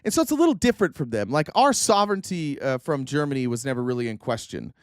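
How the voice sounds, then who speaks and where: A man hosting a political commentary stream, sarcastic and animated as he reacts to clips. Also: mid-range voice, fast talker, clear, resonant tone, no echo, clean studio sound. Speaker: streamer host.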